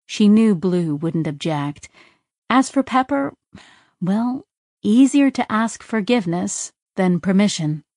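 Scripted audiobook narration comes from a woman of medium pitch, who keeps an even, measured storytelling pace. The recording is dry and studio quality.

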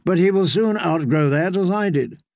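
A woman's voice: lowish voice, lively intonation, normal speed, a little mellow, dry recording, voice pushed up. A man voicing a haughty, scheming middle-aged queen who speaks in a cold, imperious, condescending way.

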